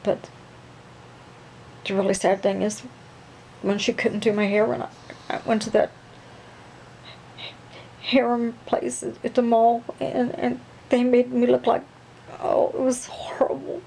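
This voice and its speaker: A woman voicing an emotional young woman who talks in halting, fretful bursts and repeats her words. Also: a little high, level tone, creaky, mellow, a little hiss or hum, poor audio.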